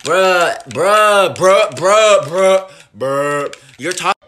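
A whiny, exasperated gamer kid brother, played by a man, drawls his complaints at an unhurried pace. His tone is sharp and bright. Faint keyboard typing rattles in the background. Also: high voice, lively intonation, a little hiss or hum, heavily acted. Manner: whiny, keeps repeating himself.

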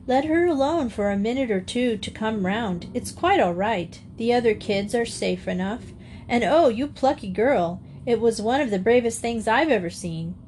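A brisk, rough-spoken but kindly grown man gives practical orders, as a woman reading the story puts him on. His talk is quick and matter-of-fact, kept close to a plain reading voice. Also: on the high side, lively intonation, darkish tone, slight background noise, lightly acted.

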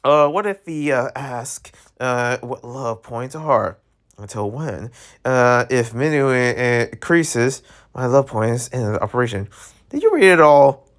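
A man casually reading a webtoon aloud, reacting excitedly to scenes with gasps and laughter. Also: medium pitch, unhurried. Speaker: webtoon reader. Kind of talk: casual read-along with reactions.

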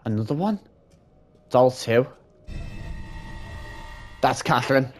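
A man commentates on a horror game he is playing, his pitch in the middle range for a man. He reacts in a jumpy, frightened way and swears often as he plays. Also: expressive, slow pace, a little mellow, soft background music. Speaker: gaming channel host. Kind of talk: let's-play commentary.

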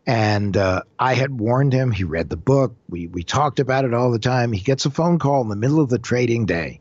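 A man's voice: mid-range voice, fairly quick, few pauses, slightly rough, no room sound, highs cut off. A man being interviewed as an identity-theft expert, telling stories and acting out the voices of scammers and their victims. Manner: animated storyteller, acts out scammer and victim quotes. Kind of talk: interview answers.

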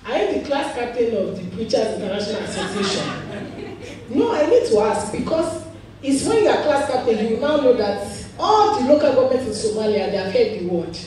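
Animated Nigerian woman preaching in an echoey hall. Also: on the high side, brisk, distant mic, background noise. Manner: animated, laughing storytelling. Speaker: pastor. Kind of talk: sermon. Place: church hall.

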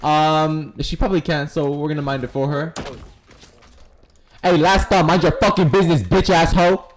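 A man's voice: on the high side, fairly even intonation, moderate pace, slight background noise. A man giving crude, joking commentary while playing a game online, trash-talking other players. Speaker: gaming streamer. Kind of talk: casual gameplay commentary.

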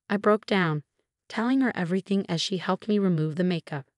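Woman, first-person story narration, lowish voice, dry close sound. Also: animated, normal speed, a little mellow, no room sound.

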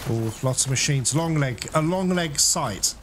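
A man giving casual commentary while playing a video game blind, excitable, swearing and laughing, yelping in panicked moments. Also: a little high, unhurried, noisy background. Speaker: gamer playing a blind let's play. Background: game music.

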